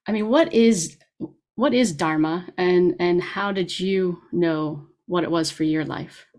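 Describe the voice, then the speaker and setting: A woman hosting a podcast, asking casual questions and restarting them as she goes. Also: fairly low pitch. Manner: halting, restarts her questions. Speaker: podcast host. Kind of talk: casual interview.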